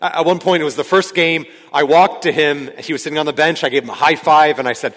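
A male pastor in his thirties delivers a conversational sermon in a church sanctuary. His voice sits a little high for a man and bursts into shouts when he reenacts a story. A long hall reverb trails his words from the stage mic. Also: fairly even intonation, fast talker, hardly any pauses. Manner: conversational, rising to shouts when acting out yelling. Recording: hall reverb from a large room.

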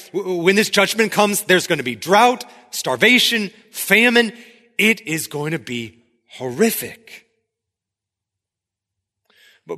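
Man, bright voice, teaching scripture, conversational, repeats words, reverberant hall. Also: on the high side. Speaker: Bible teacher. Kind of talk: Bible teaching, reading then explaining.

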